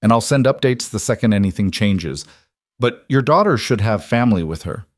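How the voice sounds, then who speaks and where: Male narrator as a calm woman surgeon, terse and steady, story reading. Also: fairly low pitch, normal speed, no room sound, clean studio sound, close to an everyday voice. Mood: reassuring. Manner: terse and steady under pressure. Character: calm, composed female surgeon in an emergency delivery.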